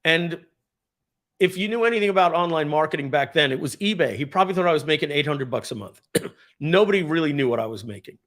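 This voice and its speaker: A man telling a personal story to a live audience at a party, often clearing his throat and restarting his sentences. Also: on the high side, lively intonation, fast, fairly bright tone.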